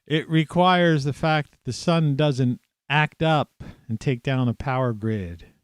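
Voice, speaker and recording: A man hosting a solo talk show, hoarse today, rambling with many fillers and restarts. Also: medium pitch, slow pace, no room sound, clean studio sound. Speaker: podcast host. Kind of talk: solo monologue.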